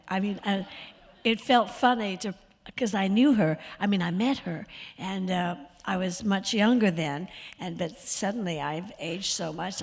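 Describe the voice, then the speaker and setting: A woman in her eighties telling rambling, self-mocking anecdotes as the guest of an on-stage interview, her voice slightly rough. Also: on the low side. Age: 80s. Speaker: guest of honor. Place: stage at an evening event.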